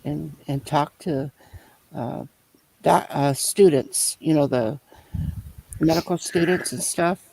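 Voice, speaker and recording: Creaky man reminiscing in casual chat. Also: a little high, a little mellow, no room sound, poor audio. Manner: rambling reminiscence, halting, looping back to repeat points. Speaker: storyteller in a conversation.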